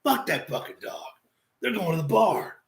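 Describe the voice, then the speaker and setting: A man doing an impression of a gruff, profane veteran wrestler telling road stories in a low, slow drawl. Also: big pitch swings, echoey room, heavily acted. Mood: mischievous.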